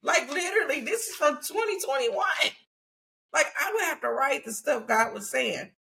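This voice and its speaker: A woman, hosting a casual faith conversation and telling stories with animated delivery and frequent laughter. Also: high voice, moderate pace, creaky. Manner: animated storytelling, laughing often. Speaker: podcast host.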